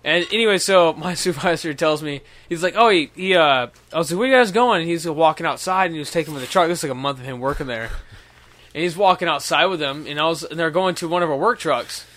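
A man's voice: fairly high pitch, fast, fairly bright tone. A man telling a long work story in casual, profane chat, rambling and laughing as he acts out other people's lines.

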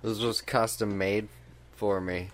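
Low-voiced young man telling stories. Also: a little slow, over a noisy crowd. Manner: animated anecdote-telling, profane. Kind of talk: casual chat among friends.

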